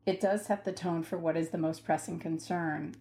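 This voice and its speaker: A woman's voice: fairly low pitch, steady tone, normal speed, mellow, a little hiss or hum. A woman hosting a podcast interview, asking questions thoughtfully and carefully, and laughing easily. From United States. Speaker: podcast host. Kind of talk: conversational interview.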